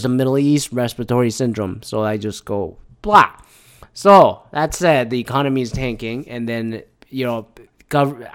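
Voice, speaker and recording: A man in a casual opinionated monologue, rambling and profane, laughing often and adding mocking asides. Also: mid-range voice.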